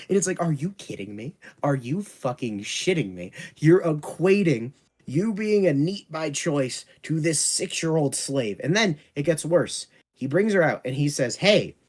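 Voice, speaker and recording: A man co-hosting a casual podcast, ranting sarcastically and swearing in exasperation. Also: on the high side. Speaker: podcast co-host.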